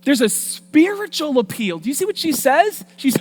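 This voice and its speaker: A woman guest preacher telling a Bible story in a lively, colloquial, street-smart way during a sermon. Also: sits high, normal speed, few pauses. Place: church.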